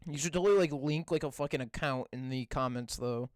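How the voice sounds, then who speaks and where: A man's voice: medium pitch, smooth, no room sound. A young man co-hosting a podcast, swearing a lot and sounding exasperated in crude casual banter. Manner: profane, exasperated, spells words out slowly. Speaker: podcast co-host.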